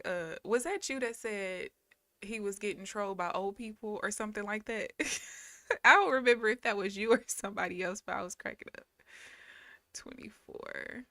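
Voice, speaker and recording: A woman's voice: medium pitch, moderate pace, pushed and bright, no echo. A woman live streaming her day trading, talking casually to viewers and swearing bluntly in frustration.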